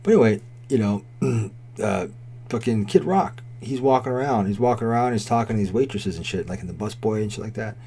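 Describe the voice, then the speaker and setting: A man's voice: lowish voice, animated, a little fast, vocal fry, warm tone, a little hiss or hum. A man in his forties telling a rambling, profanity-laden story in a casual way, with constant "right?" and "like". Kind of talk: casual spoken anecdote.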